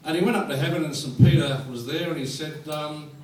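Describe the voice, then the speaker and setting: A man serving as fines master at a club dinner, telling jokes in a dry, deadpan way to a live audience. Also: a little high, a little fast, recorded from a distance, noisy background. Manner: dry, deadpan joke delivery. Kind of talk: joke-telling fines session. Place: function room with audience. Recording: roomy hall recorded from afar with crowd.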